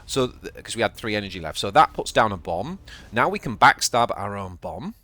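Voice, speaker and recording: A Yorkshire-accented channel host casually narrates his card game as he plays, thinking aloud and often stumbling and repeating words. His voice is on the low side, sing-song, brisk, bright and forceful, recorded with no echo.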